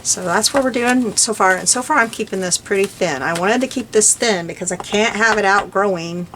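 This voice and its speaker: A woman's voice: medium pitch, brisk, a bit bright, slight background noise. An older woman chatting casually and rambling as she works on a craft journal, laughing lightly now and then. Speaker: crafting vlogger. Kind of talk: casual chat while crafting.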